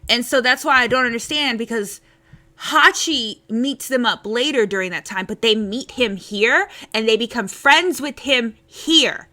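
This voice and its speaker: A woman co-hosting a casual review stream, animated and profane, laughing often. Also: a little high, a little slow. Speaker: co-host. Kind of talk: casual chat.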